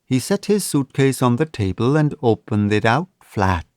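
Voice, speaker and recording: A man reading a short story aloud as narrator, in an expressive, measured style. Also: medium pitch, dry recording, studio quality. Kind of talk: scripted audiobook narration.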